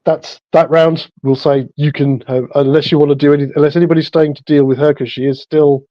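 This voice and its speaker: Guy gm narrating a tabletop game, bit high voice, lots of ums, dull lo-fi sound. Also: fairly quick, no room sound. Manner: relaxed, hesitant narration with fillers. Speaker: storyteller.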